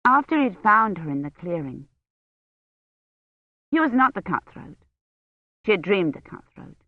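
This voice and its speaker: A woman reading a novel aloud as narrator, in a measured, even way. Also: on the low side, no echo. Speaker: audiobook narrator. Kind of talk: scripted narration. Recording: dull, dry audiobook recording.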